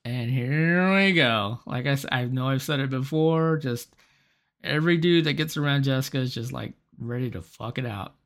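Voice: medium pitch, moderate pace, a bit bright. A podcast co-host casually recapping a TV episode, laughing often and swearing freely.

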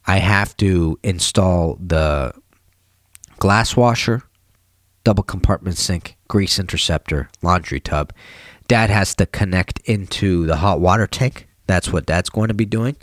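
A man's voice: sits low, unhurried, no room sound. A tired man vlogging casually about his plumbing work, chatty and slangy. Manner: chatty, slangy, animated when retelling. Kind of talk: casual vlog talk.

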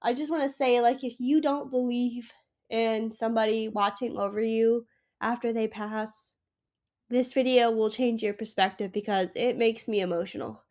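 A woman's voice: on the high side, fairly even intonation, moderate pace, darkish tone. A sick young woman hosting her own podcast, gushing and emotional in a rambling casual chat. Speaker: podcast host.

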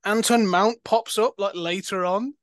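A man with a fairly high voice chats casually about films, wandering through his points with plenty of fillers and restarts. The recording is close and dry, with no room sound. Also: fairly even intonation, unhurried, a bit bright, no echo. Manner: chatty, rambling with many fillers and restarts. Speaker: podcast host. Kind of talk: casual film-review chat.

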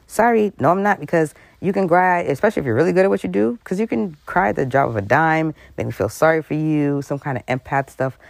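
A woman's voice: sits low, quick pace, vocal fry, hardly any pauses, no room sound. A woman host giving a frank, conversational commentary monologue, full of asides and acted-out voices. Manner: animated, conversational, frank, breaks into laughs and voices.

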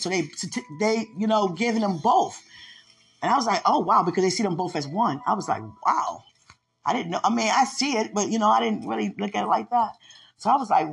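Husky-voiced woman telling a story. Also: mid-range voice. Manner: animated storytelling with frequent laughter and playful sing-song bits. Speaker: podcast host. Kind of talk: casual personal monologue.

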